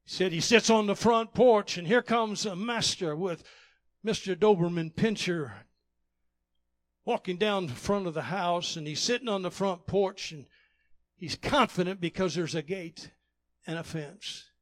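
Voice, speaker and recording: A man's voice: high-pitched, a little slow. A male evangelist preaching a sermon, starting almost every phrase with "uh" and building to fervent peaks. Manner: punctuates nearly every phrase with "uh", rising to fervent shouts.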